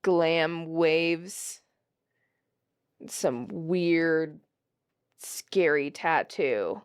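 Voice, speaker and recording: A woman co-hosting an anime reaction video in a relaxed, casual chat, swearing freely. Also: sits low, very slow, clean tone.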